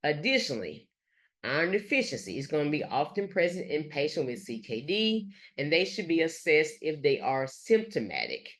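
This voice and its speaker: A nurse educator giving a recorded lecture over slides, speaking haltingly and leaning on fillers and restarts. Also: mid-range voice, big pitch swings, fairly bright tone. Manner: halting, with frequent fillers like "let's say" and "gonna".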